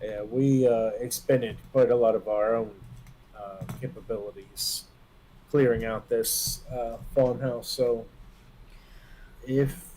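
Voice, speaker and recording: A man's voice: medium pitch, steady tone, slow, mellow, a little hiss or hum, poor audio. A man playing a tabletop game, talking hesitantly with many fillers as he plans his character's moves. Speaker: player.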